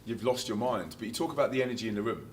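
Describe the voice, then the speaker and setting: Animated man telling stories. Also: on the low side, very fast, a little hiss or hum. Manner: animated, laughing, acts out quotes loudly. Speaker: touring Christian musician, interview guest. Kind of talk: casual anecdotal storytelling.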